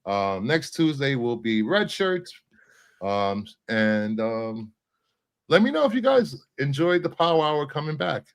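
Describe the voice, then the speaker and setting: A man hosting a relaxed chat show, joking and rambling along with plenty of ums. His pitch sits in the middle but swings around a lot. He sounds animated the whole time. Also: a little slow, vocal fry. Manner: joking, rambling, with many fillers. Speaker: podcast host. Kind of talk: casual chat.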